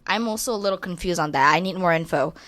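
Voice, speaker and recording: A woman's voice: on the low side, fast talker, a bit bright, no echo. A young woman reading online posts aloud and breaking in with blunt, crude, sassy commentary. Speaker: commentary creator.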